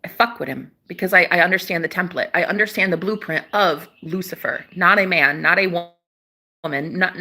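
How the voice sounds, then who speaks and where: A young woman with a bright, forceful voice talks straight to her viewers about spirituality. Her delivery is emphatic and preachy, with casual swearing and pet names like baby. It sounds like an unscripted vlog. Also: fairly low pitch, breathy edge. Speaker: spiritual channel host. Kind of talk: casual spiritual talk to camera.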